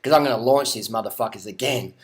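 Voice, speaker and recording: A cocky male pro cyclist, as a commentator puts him on, sneering crude taunts at the riders behind him. The swagger stays steady and mid-pitched, like a boastful mate ribbing his friends. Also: fast talker, natural voice. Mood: taunting. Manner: crude, swaggering trash talk.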